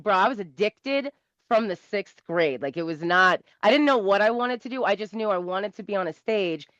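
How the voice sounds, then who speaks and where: A woman in her thirties with a South Shore Massachusetts accent, a comedian guest telling stories in a rambling, animated way and laughing often. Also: mid-range voice, no echo. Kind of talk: casual storytelling interview. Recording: dull lo-fi dry sound.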